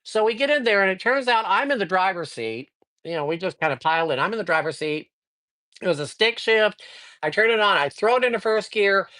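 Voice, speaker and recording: A man hosting a casual live stream, telling ghost stories with lively acted-out dialogue and giving tarot readings to viewers. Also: high voice, fairly quick. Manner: lively storyteller who acts out dialogue. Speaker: live-stream host and psychic reader.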